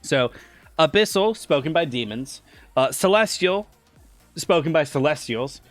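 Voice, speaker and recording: A man's voice: a little high, animated, measured pace, no echo, faint music behind. A man running a tabletop game on a casual stream, laughing often, rambling and reading chat aloud.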